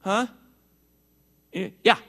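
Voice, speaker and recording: A man's voice: drawn-out words, bright, forceful tone. A middle-aged male pastor preaching a sermon in a folksy, chatty way, his voice strained by allergies and talking back and forth with the congregation.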